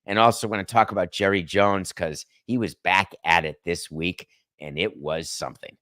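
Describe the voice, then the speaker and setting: A man's voice: fairly even intonation, normal speed, pushed and bright, no room sound, clean studio sound. A man hosting a solo sports talk show, chatty and wry, drifting between topics and lifting his voice for emphasis. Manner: chatty, wry and digressive, with sudden lifts in pitch for emphasis. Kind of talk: solo sports podcast monologue.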